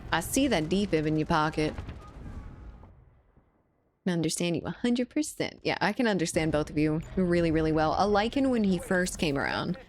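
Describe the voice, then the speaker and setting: A woman's voice: on the low side, slight background noise. Laid-back American woman streaming a shooter. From United States. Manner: chatty, laughs often, swears casually. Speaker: game streamer. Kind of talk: casual gaming stream chat.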